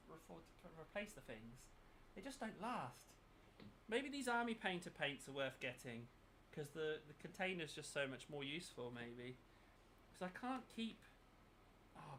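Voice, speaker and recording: Male host, tense bright tone, rambling hobby chat, faint noise behind. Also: fairly high pitch. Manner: thinks aloud, mutters while working. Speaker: miniature painting channel host. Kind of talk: casual chat while painting.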